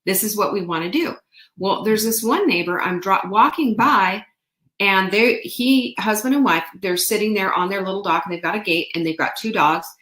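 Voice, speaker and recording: A woman's voice: mid-range voice, moderate pace. Chatty woman host in an echoey room. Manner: chatty, animated, laughs often, playful asides. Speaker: show host. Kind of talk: casual storytelling monologue. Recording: roomy echo.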